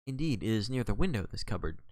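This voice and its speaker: A man's voice: fairly low pitch, animated, quick pace, a little mellow, no echo, natural voice. A man reading the part of a fussy, shrewd little detective who keeps asking probing questions.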